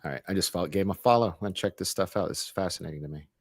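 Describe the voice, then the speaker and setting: A man co-hosting a live podcast, talking casually and haltingly, repeating words as he searches for them. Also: low-pitched, no echo, clean studio sound. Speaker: podcast co-host. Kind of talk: casual live-stream chat.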